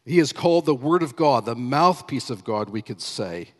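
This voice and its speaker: A man preaching a sermon as pastor, emphatic, slowing down and stressing key phrases as he reads scripture. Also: medium pitch, lively intonation, in a large hall.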